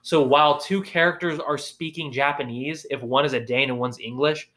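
A man co-hosting a podcast in casual chat, lively, breaking into raised voices when he quotes characters. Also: mid-range voice, normal speed. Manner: animated, acts out quotes in a raised voice. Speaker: podcast co-host.

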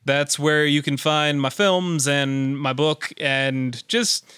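A man's voice: on the high side, steady tone, slow, pushed and bright, clear, resonant tone, no echo, studio quality. Joking, offhand male podcast guest. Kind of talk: casual chat.

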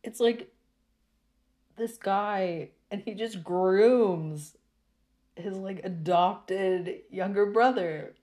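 A woman talking casually to her viewers in a rambling, exasperated rant full of halting restarts. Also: medium pitch, dark tone.

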